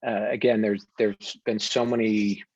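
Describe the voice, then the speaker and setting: American male coach, earnest, steady, muffled dry recording. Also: lowish voice, husky, no echo. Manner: warm, deliberate storytelling with frequent fillers. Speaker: wellness coach and podcast guest. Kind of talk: earnest conversational interview. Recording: dull dry remote audio.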